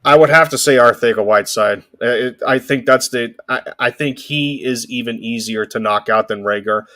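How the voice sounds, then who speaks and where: A man's voice: mid-range voice, normal speed, pushed and bright, no room sound. A man co-hosting a casual sports podcast, rambling and restarting his phrases as he talks. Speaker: podcast co-host.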